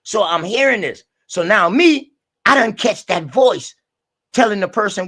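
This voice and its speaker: A man with a fairly high, bright, forceful voice tells a story in loose street slang, heavy with curses. He acts out the voices of the people in his tale, coming through an online group call. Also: animated, measured pace. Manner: profane, loose street talk. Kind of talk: casual storytelling.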